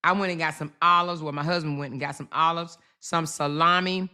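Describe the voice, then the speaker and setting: A woman's voice: low-pitched, fairly even intonation, a little fast, bright, forceful tone, smooth. A woman, hosting a casual livestream, brash and profane, calling her viewers y'all and honey. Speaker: livestream host.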